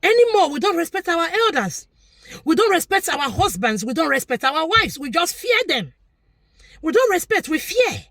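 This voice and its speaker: A Nigerian vlogger addresses her viewers in a preachy commentary monologue, repeating lines to hammer her points home. Her high voice bounces up and down with lively emphasis at a normal pace. The recording is close and dry, with no echo.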